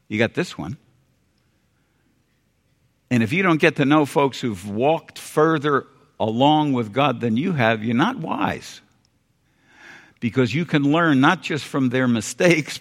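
An older American man preaching a sermon, earnest and folksy, repeating phrases and dropping suddenly quiet for emphasis. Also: mid-range voice. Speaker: pastor. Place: church sanctuary. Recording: long hall reverb.

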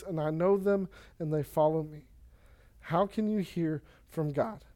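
A man preaching a sermon in a casual, energetic way, with quick asides and Bible readings. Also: a little high. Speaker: pastor.

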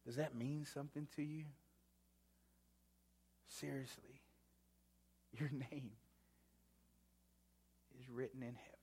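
A man preaching a sermon as pastor, repeating key words with long pauses and swinging from loud to hushed. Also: mid-range voice, fairly even intonation, vocal fry, husky.

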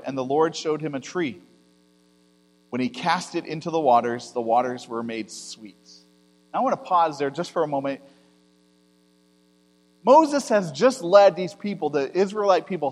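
A man preaches a sermon in a fairly high voice, talking to his congregation like a conversation. He pushes hard on key points, then drops almost to a murmur. His voice rings through a reverberant hall over a faint electrical hum. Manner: conversational preaching, swings between loud emphasis and quiet asides. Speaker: pastor.

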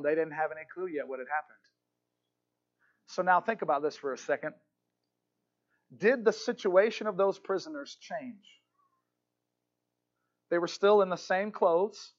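A male pastor preaching a sermon, telling a story with passion and moving from hushed lines to shouts. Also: sits high, a little fast, lo-fi sound.

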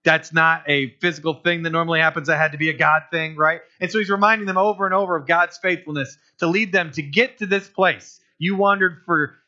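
A man delivers a conversational sermon, leaning on questions to the congregation. His voice sits fairly high and cuts through with a sharp, bright edge. The recording is dull and lo-fi. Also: fairly even intonation, a little fast, hardly any pauses. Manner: conversational preaching with rhetorical questions. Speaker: pastor.

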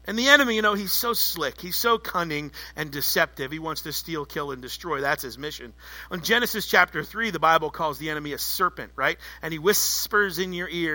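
A man's voice: on the high side, expressive, fairly quick, bright, forceful tone, no room sound. A man preaching a sermon as pastor, emphatic and rhetorical, repeating key phrases.

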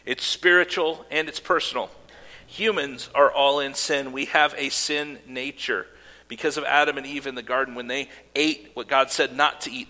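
Bright-voiced preacher in a reverberant hall. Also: male voice, medium pitch. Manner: earnest preaching with casual asides and fillers. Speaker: pastor. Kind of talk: sermon.

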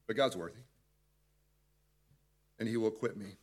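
A man leading a devotional Bible teaching in a conversational way, often restarting his sentences. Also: on the low side. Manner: conversational, halting with repeated restarts. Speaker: pastor.

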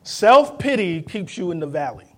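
Here a male pastor's lively, high voice drives each point of his sermon and prompts the congregation to answer. He briefly mimics the people he quotes, then settles back into simple, insistent preaching.

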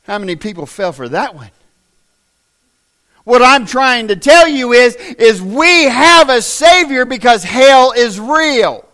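A man with a Southern American accent preaching a sermon as pastor, plain-spoken and folksy, swinging from shouting to hushed asides. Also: very high voice, expressive, takes it slowly.

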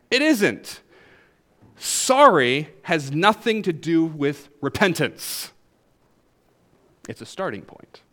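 A male pastor with a Southern US accent preaching a sermon, joking with the congregation. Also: high-pitched. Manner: animated, jokes with the congregation.

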